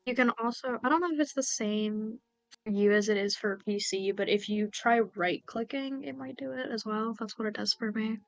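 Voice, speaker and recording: A woman's voice: on the high side, normal speed, dry recording, faint music behind. Offhand woman giving game tips. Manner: offhand, dryly teasing helper. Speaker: friend on a voice call.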